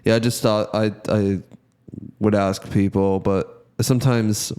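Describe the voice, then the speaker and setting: A man's voice: fairly low pitch, steady tone, unhurried, a little mellow. A man on a comedy podcast, telling rambling stories full of acted-out quotes in casual chat.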